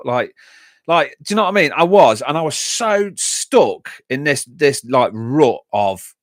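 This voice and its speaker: This mid-range English voice swings widely in pitch, keeping a measured pace and a fairly bright tone. He's hosting a music reaction stream, chatting offhandedly and responding to live comments, often restarting and using fillers. There's no room sound, and the audio is studio quality.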